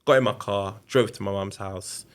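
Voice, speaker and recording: A man's voice: fairly low pitch, fairly even intonation, normal speed. A man, telling a personal story in a candid, conversational way as a podcast guest. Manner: candid, conversational, re-enacts quotes. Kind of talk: casual storytelling interview.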